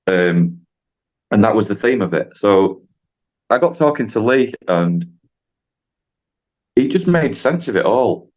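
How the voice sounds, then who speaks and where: Deep-voiced man, rambling storyteller. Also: sing-song, takes it slowly, pauses often, a little mellow, highs cut off. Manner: chatty, rambling, acts out dialogue with voices. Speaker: driving instructor guest. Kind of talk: casual podcast storytelling.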